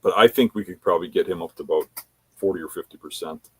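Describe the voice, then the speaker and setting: A man's voice: sits low, quick pace, a bit bright, husky, no echo. A man, a podcast guest telling hunting stories in a laid-back, rambling way full of fillers. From Wisconsin. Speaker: podcast guest, bear hunter. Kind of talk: casual anecdotal storytelling.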